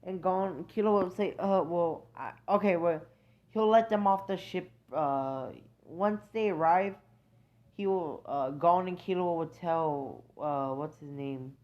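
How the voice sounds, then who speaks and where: A woman's voice: fairly low pitch, measured pace. A woman improvising a fan-fiction story, rambling and hesitant, correcting herself often. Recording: dull lo-fi recording.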